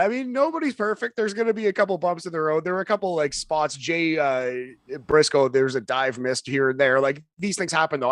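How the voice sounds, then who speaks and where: Male co-host, emphatic superlatives, slightly raised pitch, dry close mic. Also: dry recording. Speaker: podcast co-host. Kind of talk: casual wrestling review chat.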